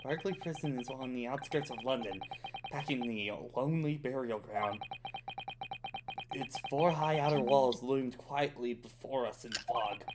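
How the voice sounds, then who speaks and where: A man's voice: medium pitch, noisy background. A man streaming a game live, reading the text aloud and joking in a casual way.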